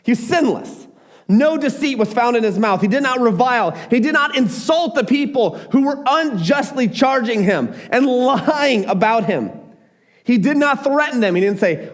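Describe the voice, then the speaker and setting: A man preaching a sermon as pastor, talking in an animated, emphatic way with frequent restarts. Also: very high voice, unhurried.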